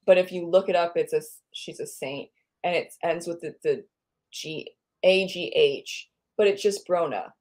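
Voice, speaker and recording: An American woman hosting a podcast, chatting casually in a rambling, self-correcting way. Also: fairly low pitch. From United States. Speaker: podcast host. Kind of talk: casual interview chat.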